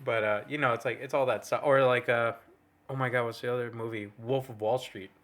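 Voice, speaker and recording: As a podcast co-host, a young man rambles casually, full of fillers and restarts, and swears freely. His mid-range voice is fairly even, fairly quick, and a bit bright.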